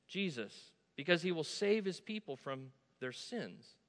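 A man preaching a sermon, moving from soft asides to loud, emphatic declarations. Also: on the high side, sing-song, a little slow, hardly any pauses. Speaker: pastor. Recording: long hall reverb.

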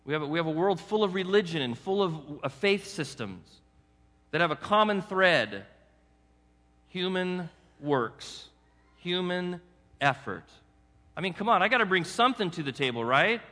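Lively man preaching in an echoey hall. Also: sits high. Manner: animated, conversational preaching with quick acted asides. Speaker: pastor. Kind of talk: sermon.

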